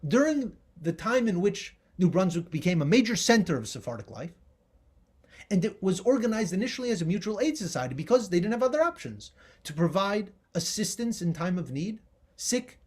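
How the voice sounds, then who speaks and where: A man's voice: sits high, a little mellow. A middle-aged man giving a public history lecture with slides, emphatic and rising on key words.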